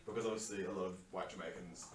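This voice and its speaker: A low-voiced man hosts a podcast conversation, talking fast and thinking aloud with frequent restarts. He sounds distant in a reverberant room, with soft music underneath. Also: fairly even intonation. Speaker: podcast host. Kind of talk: casual conversation. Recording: echoey room, distant mic, faint music.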